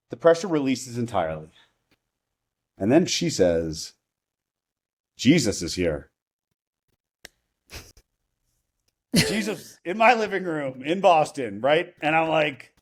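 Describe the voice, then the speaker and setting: A man's voice: mid-range voice, a little mellow. Man telling a story in rambling conversation. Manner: rambling, with frequent restarts and asides like "right?". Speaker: podcast guest, investor.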